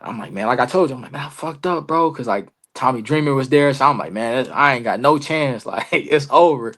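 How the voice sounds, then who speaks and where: A man's voice: mid-range voice, fairly quick, fairly bright tone. A man, a wrestler guest on a podcast, telling stories casually in slangy talk and acting out both sides of past conversations. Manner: slangy, loose, peppered with "bro" and "you feel me". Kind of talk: casual storytelling interview.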